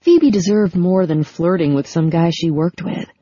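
A woman narrating a novel in a measured storytelling manner. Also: fairly low pitch, warm tone, breathy edge, no echo. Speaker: audiobook narrator. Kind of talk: scripted narration. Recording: dull lo-fi sound.

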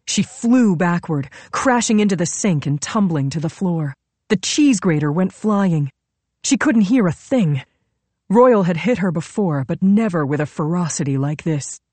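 A woman narrating a story in a measured, dramatic way on a close mic. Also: fairly low pitch, expressive, darkish tone, dry recording. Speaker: audiobook narrator. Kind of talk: scripted narration.

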